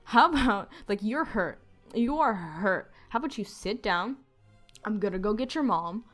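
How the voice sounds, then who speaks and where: A laid-back male mailman soothes a hurt kid with an easy drawl, as a woman puts him on in her own voice. His pitch stays in the middle range. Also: expressive, moderate pace, fairly bright tone, soft background music, natural voice.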